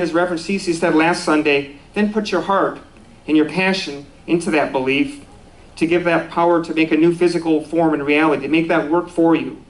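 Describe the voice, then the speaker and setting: A man's voice: fairly high pitch, low-quality recording. A man giving a conversational sermon at a spiritual center, easygoing and self-deprecating, with restarts and small laughs.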